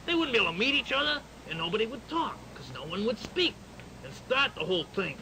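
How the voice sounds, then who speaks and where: A man's voice: high-pitched, very animated, fast, pushed and bright, a little hiss or hum, heavily acted, rough recording. A man voicing a grumpy male grouch puppet who grumbles that he hates happy things. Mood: grumbling. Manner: gruff, grumbling, sour. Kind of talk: puppet show monologue.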